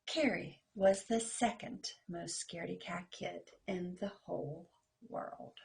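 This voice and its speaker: A woman, a kindergarten teacher, reading a picture book aloud to young children in an expressive, playful way and talking to them directly. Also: on the low side, slow, gravelly.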